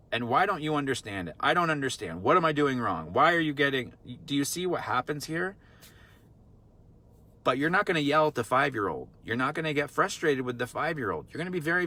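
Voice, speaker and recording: A man's voice: mid-range voice, pushed and bright. A man working as a dog trainer, explaining in a casual teaching talk, earnest and repetitive, full of rhetorical questions. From Vermont.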